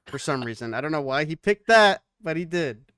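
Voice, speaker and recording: A man's voice: fairly high pitch, lively intonation, brisk, fairly bright tone, smooth, no room sound, clean studio sound. A man hosting a podcast in casual chat, brash and profane, laughing often as he narrates a comic script.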